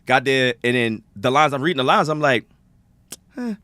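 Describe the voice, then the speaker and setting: A man's voice: mid-range voice, brisk, dry recording. A man from Jamaica, a guest on a podcast, telling stories casually and acting out the people he quotes. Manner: animated storyteller, acts out quotes. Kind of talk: casual chat.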